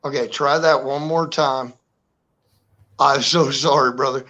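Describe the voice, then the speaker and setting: A man's voice: medium pitch, fairly even intonation, a little slow, pushed and bright, rough recording. Rambling man saying "you know" a lot. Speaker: host. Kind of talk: casual chat on a live stream.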